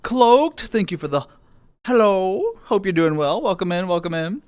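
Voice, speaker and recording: A tired livestreamer with a high, animated voice chats casually with his viewers at a normal pace, greeting them one by one. He's goofy and self-mocking, joking at his own expense despite his lower energy, and the audio has no echo.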